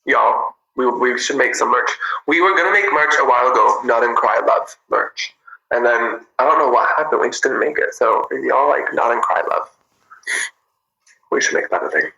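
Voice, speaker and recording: A man chatting casually with viewers on a livestream, bubbly and giggly, in an animated way. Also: mid-range voice, moderate pace, vocal fry, echoey room, low-quality recording. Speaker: livestream host.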